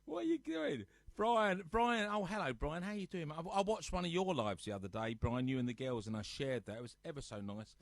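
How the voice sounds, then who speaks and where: A man hosts a casual live music stream from his sofa at home, greeting viewers by name and ribbing them good-naturedly. His voice sits at an ordinary middle pitch. The sound is dry and close, with no room echo. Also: quick pace, hardly any pauses. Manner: chatty, teasing, reads out viewer comments.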